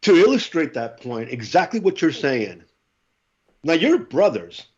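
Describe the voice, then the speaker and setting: A man's voice: a little high, unhurried, breathy edge, highs cut off. Older-sounding man telling war stories. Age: middle-aged. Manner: animated storyteller, acts out quotes. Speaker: podcast guest, former Marine. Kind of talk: casual storytelling interview.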